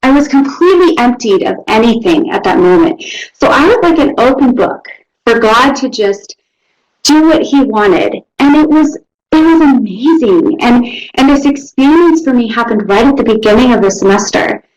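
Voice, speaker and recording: A young woman with a fairly high voice gives a personal testimony. She speaks earnestly and haltingly, restarting her sentences often, and sounds close to tears at times. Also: animated, a little mellow, low-quality recording. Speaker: school technical staff.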